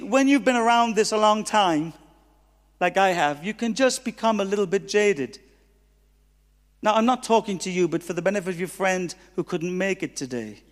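A man preaching as a guest pastor, telling stories with humor and acting out the dialogue. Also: sits high. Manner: animated, humorous, acts out dialogue. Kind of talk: sermon with storytelling. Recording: long reverb of a hall.

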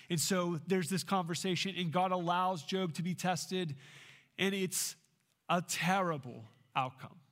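A man delivering a sermon as a pastor, preaching emphatically with swings in pitch and loudness.

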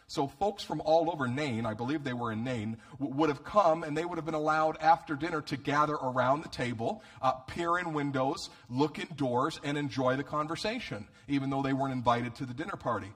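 A male pastor preaching a sermon, animated and humorous, often repeating words as he starts a phrase. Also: a little high, fairly quick, few pauses.

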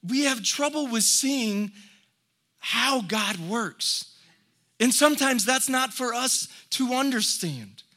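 This pastor speaks slowly in a very high voice that's pushed and bright, with lively intonation. His earnest sermon moves from homespun stories and soft laughs toward emphatic exhortation.

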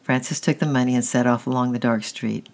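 A man reads a children's chapter book aloud at an even, middling pitch. His delivery is plain and steady, with the odd restart as he goes. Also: brisk, vocal fry. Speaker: audiobook reader. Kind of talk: storybook narration.

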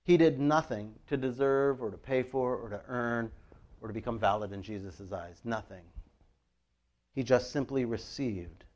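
A middle-aged man preaching a sermon in a loose, conversational way, retelling scripture with lively storytelling. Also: mid-range voice, moderate pace, lo-fi sound. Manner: conversational, animated storytelling with frequent "I mean" and "like". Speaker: pastor.

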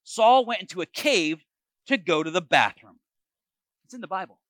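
Man, preacher, animated storytelling, joking asides, high bright voice. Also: normal speed, no room sound. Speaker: pastor. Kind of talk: retelling a Bible story to a congregation.

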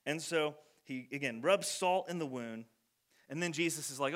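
Animated high-voiced man preaching casually. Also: moderate pace. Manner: animated, acts out quotes in voices, many "like" fillers. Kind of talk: casual conversational sermon.

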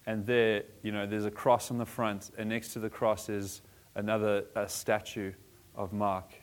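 A man in his forties preaching a sermon as a pastor, animated, joking with the congregation and swinging between soft and loud. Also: on the low side, moderate pace, smooth. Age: 40s. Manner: animated, varies loudness, jokes with congregation.

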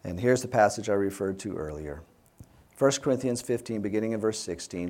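A man's voice: fairly low pitch, lively intonation, a little fast, darkish tone. A man teaching an adult Sunday school class, reading scripture aloud with emphasis and inviting the group to respond. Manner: reads scripture aloud with emphasis, then leads group discussion. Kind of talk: Bible class teaching with discussion.

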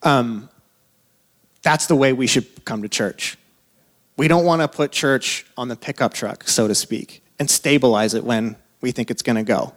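A man in his thirties preaching from the pulpit in a loose, chatty way. His voice sits at an ordinary pitch, and he breaks into quick laughs and offhand asides between his points. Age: 30s. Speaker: pastor. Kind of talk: sermon.

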